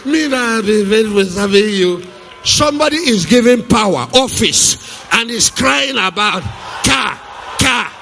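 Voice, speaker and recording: A man's voice: sits high, lively intonation, unhurried, vocal fry, sharp tone, a little hiss or hum, pitched above the performer's own voice, exaggerated voice. A man putting on the voice of a whiny woman believer, who complains and begs God for gifts. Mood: whining pleading. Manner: pleading, complaining, wailing. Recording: reverberant hall.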